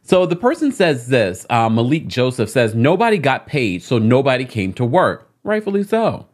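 A woman's voice: extremely low pitch, normal speed. A woman with a London accent co-hosting a podcast, reading a news report aloud and reacting to it as she goes. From England. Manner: animated, breaks off reading to react. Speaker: podcast co-host.

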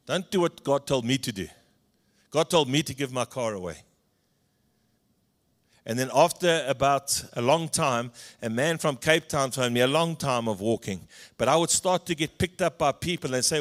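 Middle-aged south african guy preaching, telling stories, acts out the voices, gets loud then real quiet, regular mid pitch. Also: animated, moderate pace. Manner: storytelling preacher, acts out dialogue, swings between loud and hushed. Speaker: pastor. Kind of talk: sermon.

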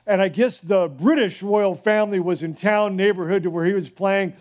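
Male pastor, high voice, chatty sermon delivery with lively storytelling and asides. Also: normal speed, lo-fi sound. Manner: conversational, animated storytelling with asides.

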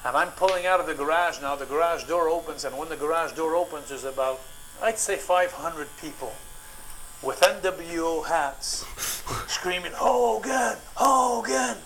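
Guy w/ as telling wild stories on a podcast, kinda high voice, faint hiss behind. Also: normal speed, rough recording. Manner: animated anecdotes, acts out quotes. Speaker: guest, former wrestler. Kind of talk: casual storytelling on a podcast.

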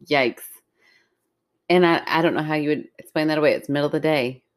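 Low-voiced woman, chatty podcast co-host. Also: a little fast. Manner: chatty and playful, with frequent laughs. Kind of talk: casual chat and storytelling.

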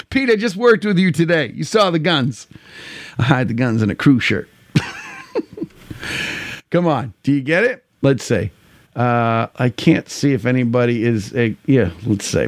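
A man's voice: mid-range voice, moderate pace, no room sound, studio quality. A man, hosting a livestream in loose, crude, jokey rambling. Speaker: livestream host. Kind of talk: casual chat.

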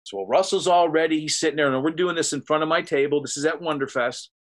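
Talking fast with a fairly high male voice, a guest storyteller winds through a long, loose anecdote over casual conversation. Animated throughout, he voices what each person said.

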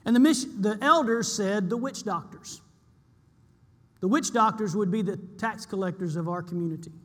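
A man's voice: high-pitched, fairly quick, fairly bright tone, big-room sound. A man preaching a sermon to his church, earnest and emphatic, repeating key lines for weight.

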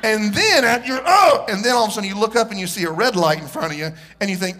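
A man's voice: sits high, quick pace, few pauses. A man preaching a sermon to his congregation, joking and telling stories as he goes. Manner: animated, joking storyteller with the congregation. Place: church.

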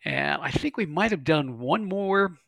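A middle-aged man tells his stories in a lively, folksy way, stammering now and then. His voice is gravelly and bright. The sound is dry and close. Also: a little high, unhurried, no room sound. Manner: folksy, animated storyteller with laughs and stammers. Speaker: glider pilot and instructor. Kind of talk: conversational interview storytelling.

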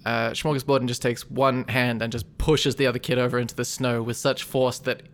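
A man runs a tabletop game at a middle pitch, plain and easygoing. He explains the rules patiently and tells the action with relish. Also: little pitch movement, fairly quick. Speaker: game master.

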